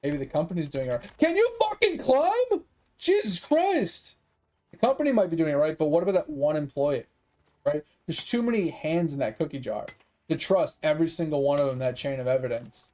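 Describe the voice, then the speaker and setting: A man's voice: medium pitch, a little fast, mellow. A man chatting casually with his stream viewers, rambling and swearing freely, breaking into laughs often. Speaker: gaming streamer.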